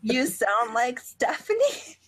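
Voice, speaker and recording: A woman being interviewed, answering in a relaxed, laid-back way with lots of "like" fillers. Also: a little high, slow, heavy background noise. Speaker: interview guest, YouTuber. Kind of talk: casual interview chat.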